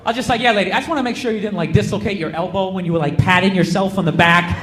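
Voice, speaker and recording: A man doing a stand-up comedy set in front of a crowd, ranting loudly and sarcastically, often shouting. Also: sits high, very fast. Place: comedy club stage with a laughing crowd. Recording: echoey room with crowd noise.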